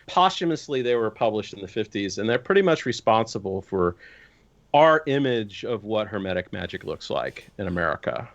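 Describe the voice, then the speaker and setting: A man's voice: fairly low pitch, sing-song, moderate pace, muffled recording. A man as a podcast guest, telling history in casual chat, incredulous and swearing casually. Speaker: podcast guest discussing tabletop game lore.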